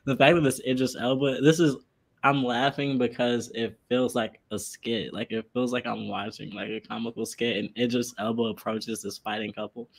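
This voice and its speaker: A man's voice: medium pitch, level tone, moderate pace, creaky. A man on a podcast panel in casual chat, laughing through his words and repeating himself.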